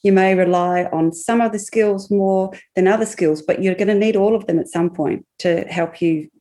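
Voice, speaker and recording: A woman, a psychologist and podcast guest, explaining ideas in a measured way. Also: mid-range voice, fairly even intonation, warm tone. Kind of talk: podcast conversation.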